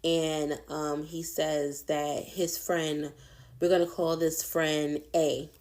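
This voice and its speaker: A woman's voice: low voice, little pitch movement, slow, darkish tone. A young adult woman telling a personal story in a casual, candid, chatty way, swearing freely.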